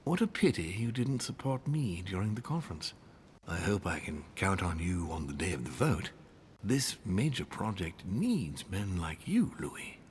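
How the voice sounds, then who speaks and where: Low, lively, smooth-talking schemer lord, polite but calculating. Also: male voice, normal speed, slight background noise. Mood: persuasive. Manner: persuasive, courteous, calculating. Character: smooth, scheming aristocrat lord hosting a conference. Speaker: game character, castle host lord.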